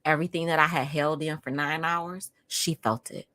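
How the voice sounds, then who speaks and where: A woman's voice: low voice, fairly even intonation, moderate pace, fairly bright tone, no echo. A woman hosting a podcast, telling a personal story in an outspoken, emphatic way and talking straight to her listeners. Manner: emphatic, addresses listeners directly; outspoken and heated. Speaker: podcast host.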